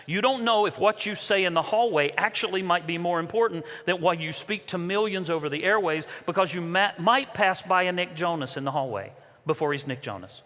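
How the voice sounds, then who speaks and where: A man with a fairly high, bright and forceful voice delivers an inspirational faith talk with earnest, preacherly emphasis. He speaks into a stage mic, and his words ring out with the long reverb of a large conference hall. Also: lively intonation, a little fast.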